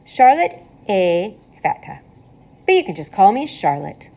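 A woman voicing a pleasant, clever female spider with a thin voice, calm and matter-of-fact in a storybook read-aloud. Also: medium pitch, a little slow, creaky, full character voice. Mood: calmly explaining.

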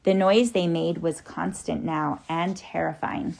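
A woman reading a children's story aloud in a lively way. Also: on the low side, measured pace, creaky. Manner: lively, acts out the characters.

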